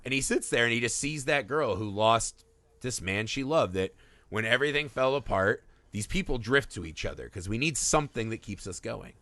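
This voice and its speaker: A man talks through a film on a podcast with a bright, ringing tone and a lively, swooping pitch. He laughs often and slips into quick voices to act out scenes. The sound is dry and close, with no room around it. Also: no echo. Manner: animated, acts out movie lines in voices, laughs often. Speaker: podcast co-host. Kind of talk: casual film discussion.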